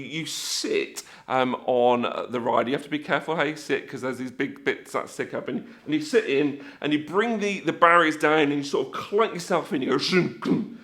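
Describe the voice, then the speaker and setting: A man's voice: on the high side, a bit bright. A man giving a church video talk, telling a story with acted-out scenes and sound effects. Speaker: church speaker.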